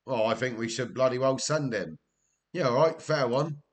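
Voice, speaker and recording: A man's voice: mid-range voice, moderate pace. Chatty Welsh man streaming a game. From Wales. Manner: chatty storyteller, laughs often, answers chat. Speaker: gaming streamer. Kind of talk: casual live-stream chat over gameplay.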